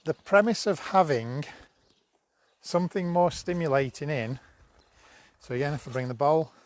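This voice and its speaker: A man's voice: fairly high pitch, normal speed. A man giving a dog-training demo on a live stream, chatty and coaxing, with bursts of praise for his dog.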